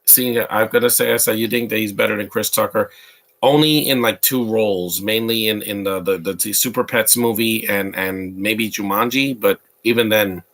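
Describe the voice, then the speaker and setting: A man's voice: on the low side, fairly even intonation, moderate pace, fairly bright tone. A man giving casual live commentary on a movie, rambling and opinionated as he answers his chat. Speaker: live watch-along commentator.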